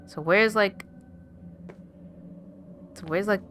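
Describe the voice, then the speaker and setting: A woman commenting casually while playing a story game, reacting out loud. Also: lowish voice, moderate pace, a little hiss or hum. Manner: reactive, exclamatory. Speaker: let's play streamer. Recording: game music behind.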